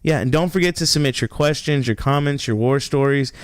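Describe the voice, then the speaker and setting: A man co-hosting a podcast, telling stories in an animated way and laughing often. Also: medium pitch, fairly quick, smooth, no echo, clean studio sound. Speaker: podcast co-host. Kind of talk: casual chat.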